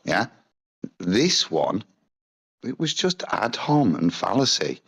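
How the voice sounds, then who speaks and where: Deep raspy guy on the panel, making his point hard, voice swings up and down. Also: sing-song, slow pace, fairly bright tone. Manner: emphatic, dissecting arguments. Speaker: panel guest. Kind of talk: argumentative panel commentary.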